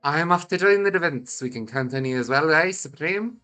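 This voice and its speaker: A congested man reading a gruff sailor in a Scottish accent, with blustery old-fashioned seafarer talk. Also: on the high side, lively intonation, a little fast, pushed and bright, faint music behind, pitched above the performer's own voice. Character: gruff male sailor in a seaside camp.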